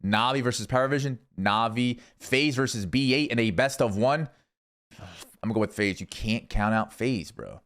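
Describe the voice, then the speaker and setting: A young man streaming, casually rambling through esports predictions with lots of swearing and thinking out loud. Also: medium pitch, moderate pace. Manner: rambling, profane, thinking aloud.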